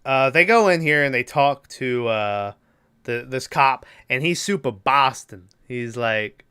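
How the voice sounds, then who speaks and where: A man co-hosting a podcast, casually retelling a movie plot with lots of swearing and quick impressions of the characters. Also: medium pitch, animated, sharp tone, smooth. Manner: rambling, swears freely, acts out characters' lines. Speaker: podcast co-host. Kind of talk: casual movie recap chat.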